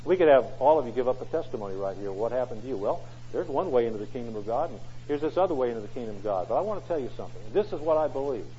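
A man's voice: medium pitch, animated, rapid-fire, hardly any pauses, dark tone, a little hiss or hum. A man preaching a sermon in an emphatic way, often asking rhetorical questions. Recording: dull lo-fi recording.

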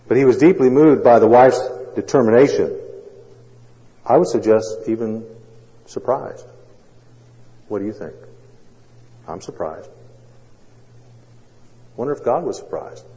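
A male pastor delivers a sermon, storytelling dramatically with long pauses. His voice is mellow and relaxed. The recording sounds dull and lo-fi, with a long hall reverb. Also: medium pitch.

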